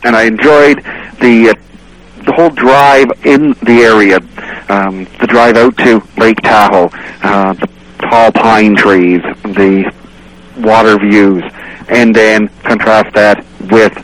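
A man on a radio show, fondly recalling a trip in a relaxed way with many pauses. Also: fairly low pitch, low-quality recording. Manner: relaxed, reminiscing, hesitant fillers. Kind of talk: casual radio chat.

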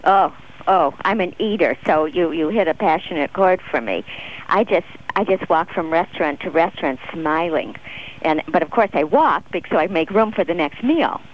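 A woman's voice: lowish voice, animated, normal speed, a little hiss or hum. An enthusiastic American woman, a travel author, chatting as a guest on a radio interview and often laughing. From United States. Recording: dull, muffled radio audio.

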